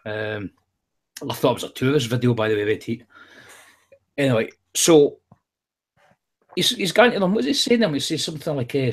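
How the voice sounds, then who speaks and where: A man's voice: mid-range voice, expressive, a little fast, pauses often. A man rambling in casual chat, swearing freely and telling jokey stories. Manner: rambling, profane, jokey storytelling.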